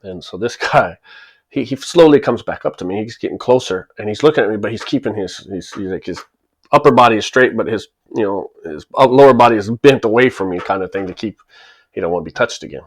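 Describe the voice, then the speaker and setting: A man's voice: lowish voice, animated, brisk, breathy edge. A man in his forties who tells a personal story in a casual, chatty way and chuckles and acts out the people in it as he goes. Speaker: channel host telling a personal story. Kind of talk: casual spoken anecdote.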